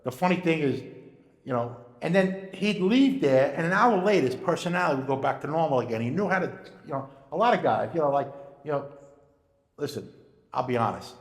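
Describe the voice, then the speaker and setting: A man with a high-set voice tells stories in casual chat, animatedly acting out the voices of the people in them. The room is echoey with a long reverb tail. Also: expressive, fairly quick. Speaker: storyteller. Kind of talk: casual storytelling.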